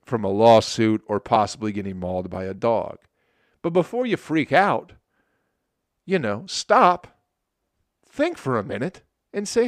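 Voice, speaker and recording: A man's voice: medium pitch, no room sound, studio quality. A man doing a rambling, profane, sarcastic comedy monologue as host.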